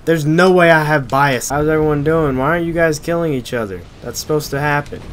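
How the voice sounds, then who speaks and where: A man's voice: fairly high pitch, fairly quick, a little hiss or hum. A young man giving casual gameplay commentary, joking and exasperated as he talks to himself. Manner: joking, exasperated self-talk. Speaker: gaming video creator. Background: loud game music.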